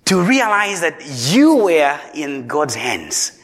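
Male preacher, sermon, lively rising voice, rhetorical questions, long church hall reverb. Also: fairly high pitch, slow. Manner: animated, asks the congregation rhetorical questions.

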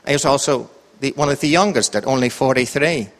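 A man's voice: medium pitch, a little fast. Sing-song Irish man in a reverberant hall. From Ireland. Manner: sing-song, up-and-down intonation, chatty and joking. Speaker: church group leader. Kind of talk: informal Bible talk with a quiz.

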